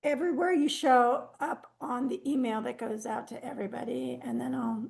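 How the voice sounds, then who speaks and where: A woman's voice: fairly high pitch, steady tone, moderate pace, gravelly, darkish tone. A woman hosting an online talk over a video call, friendly and informal, losing her voice. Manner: friendly, informal, scattered announcing. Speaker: event host.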